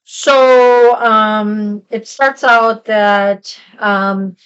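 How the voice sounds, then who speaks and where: A woman's voice: medium pitch, steady tone, extremely slow, a bit bright, clear, resonant tone, dull audio. A woman co-hosting a casual movie review chat, recapping the plot in a rambling way with lots of fillers. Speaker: podcast co-host.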